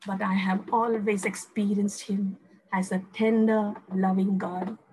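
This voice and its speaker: A woman's voice: mid-range voice, level tone, unhurried, darkish tone, a little hiss or hum, low-quality recording. An older woman, preaching a fervent testimony sermon and telling stories to her listeners. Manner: fervent, storytelling, addresses listeners as friends.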